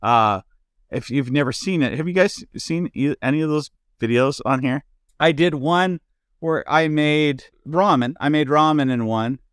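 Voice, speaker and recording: A man's voice: fairly high pitch, a little slow, clean tone, no room sound, studio quality. A man hosting a podcast in casual chat, rambling with lots of restarts and fillers, from the United States. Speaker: podcast host.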